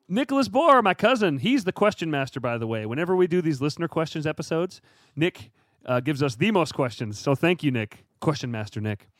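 A man co-hosting a casual podcast, chatty and quick to laugh, with lots of fillers. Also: a little high, fairly bright tone, no echo, studio quality. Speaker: podcast co-host. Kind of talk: casual chat.

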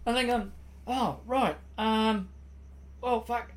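A man's voice: extremely high pitch, fairly even intonation, takes it slowly. An older man telling army stories in casual podcast chat, swearing freely and laughing through his punchlines.

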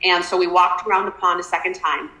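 A woman guest telling a personal story in an animated, emotional way, with lots of fillers. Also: on the low side, fast talker. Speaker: podcast guest. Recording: roomy echo.

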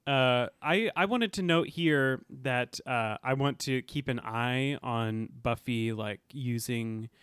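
A man co-hosting a casual podcast with a bright, crisp voice and a close, dry sound. He chats loosely through an episode recap, full of fillers and quick to laugh. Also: medium pitch, no echo. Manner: laughs often, loose and chatty with many fillers. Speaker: podcast co-host.

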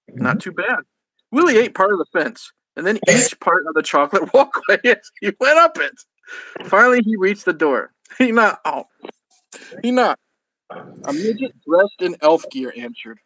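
High-voiced man reading a story aloud. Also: sharp tone, no echo, poor audio. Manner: laughing at his own reading, stumbling over words. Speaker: podcast host.

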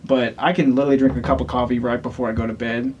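A man's voice: mid-range voice, little pitch movement, racing, slightly rough, dull audio. A man as a guest on a casual podcast, easygoing and bantering along with the host. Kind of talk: casual chat.

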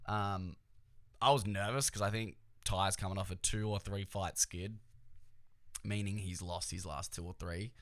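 A man's voice: low-pitched, steady tone, unhurried, no echo. A man hosting a podcast, chatting casually about sports in a joking, profane, rambling way. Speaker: podcast host.

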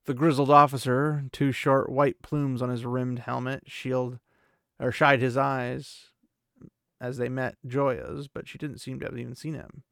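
A man's voice: mid-range voice, level tone, measured pace, vocal fry, a bit bright, dry recording, clean studio sound. A man hosting a podcast and recapping a book chapter in a chatty, casual way full of fillers and asides. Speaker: podcast host.

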